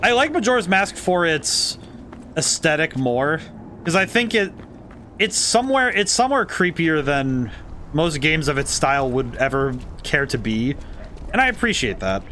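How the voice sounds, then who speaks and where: A man's voice: a little high, sing-song, moderate pace, pushed and bright, a little hiss or hum. A man streaming a game, musing thoughtfully and rambling as he corrects himself mid-sentence. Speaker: game designer streaming gameplay. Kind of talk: casual livestream commentary.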